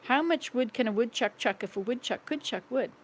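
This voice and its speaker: A vlogger in her sixties walks from room to room at home, chatting casually in a slightly high, animated voice at a fairly quick pace. She rambles playfully and laughs at her own slip-ups.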